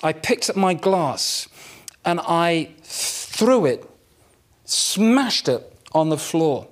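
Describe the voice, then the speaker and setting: A man preaching a sermon, telling a personal story in a candid, self-mocking way with dramatic pauses. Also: on the high side, big pitch swings. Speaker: pastor.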